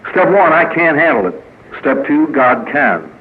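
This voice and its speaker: A man's voice: a little high, big pitch swings, measured pace, narrow, tinny audio. A man who is a priest, speaking at a recovery meeting in a folksy storytelling manner with jokes and acted quotes. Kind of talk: speaker meeting talk with humor. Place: meeting hall before a live audience.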